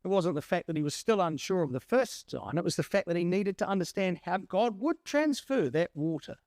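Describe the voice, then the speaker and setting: A male preacher giving a sermon, animated and full of rhetorical questions. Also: high-pitched, a little fast, few pauses, no room sound, clean studio sound.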